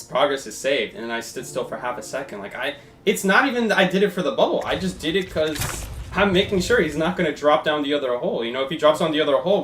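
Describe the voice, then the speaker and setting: A man's voice: fairly high pitch, a bit bright. A young man giving chatty, casual commentary while live-streaming a game and thanking his viewers.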